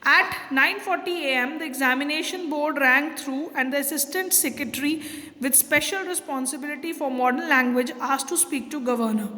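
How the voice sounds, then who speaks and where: High-voiced woman teacher explaining a story. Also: normal speed, sharp tone. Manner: reads passages, then paraphrases them in simple words with many fillers. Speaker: English teacher. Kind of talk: explaining a textbook chapter. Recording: long hall reverb.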